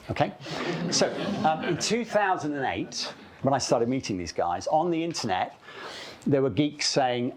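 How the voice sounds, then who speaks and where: A man giving a live talk at a club event, telling anecdotes in an animated, chatty way, often checking in with "okay?". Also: medium pitch, moderate pace, a little hiss or hum.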